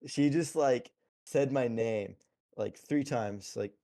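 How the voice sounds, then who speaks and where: A man hosting a casual podcast, relaxed, asking questions and laughing easily. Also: medium pitch, moderate pace, creaky. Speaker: podcast host.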